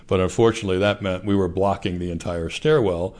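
A man being interviewed, recounting a personal experience in a measured, reflective way. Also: low voice, fairly even intonation, darkish tone.

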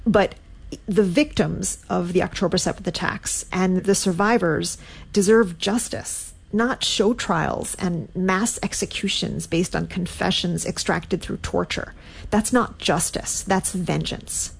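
A woman with a low, gravelly voice speaks firmly and with emphasis in an interview clip. There is a husky edge to her tone. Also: measured pace. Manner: firm, emphatic. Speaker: human rights advocate.

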